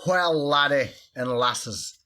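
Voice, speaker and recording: A man putting on a hammy Scottish announcer. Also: medium pitch. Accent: put-on Scottish. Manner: loud, drawn-out announcing.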